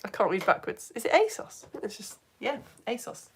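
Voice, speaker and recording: Bubbly woman host with a high, bouncy voice, chatting through viewer comments on a live stream. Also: a little fast, slight background noise. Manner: chatty, excitable, laughs often. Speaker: educator reading live comments. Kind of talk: casual live-stream chat.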